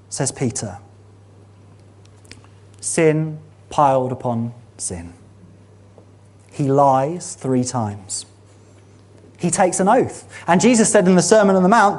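A man preaching a sermon, earnest and emphatic, building to animated exhortation. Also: fairly high pitch, slow pace, long pauses.

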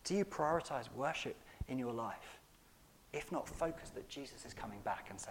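A man preaching a sermon as pastor, emphatic, swinging between loud and soft and putting rhetorical questions to the congregation. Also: mid-range voice, expressive, moderate pace, slight background noise.

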